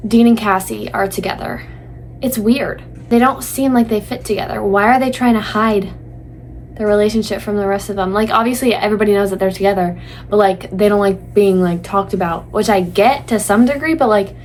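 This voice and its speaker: A young woman chatting excitedly and casually in a reading vlog. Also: mid-range voice, fairly quick, a little hiss or hum. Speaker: book vlogger. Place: indoors at home.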